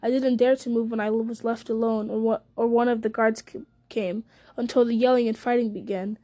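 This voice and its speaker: A woman reading the part of a weary, frightened young male hobbit with an anguished, halting delivery. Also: fairly high pitch, level tone, dark tone, natural voice.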